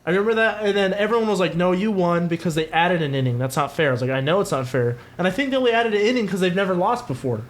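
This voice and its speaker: A man's voice: sits high, very fast, few pauses. A young man co-hosting a podcast, telling rambling, profane stories in casual chat and mimicking the people in them. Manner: rambling, profane storytelling with quoted voices. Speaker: podcast co-host.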